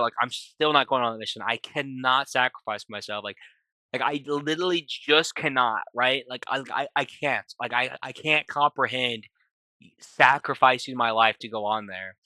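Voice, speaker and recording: A man with a very bright, forward voice recaps a movie in loose, rambling casual talk, full of fillers and restarts. The sound is dry and close, with almost no room around it. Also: medium pitch, clean tone, no echo. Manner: rambling, filler-heavy retelling with frequent restarts. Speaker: movie reviewer.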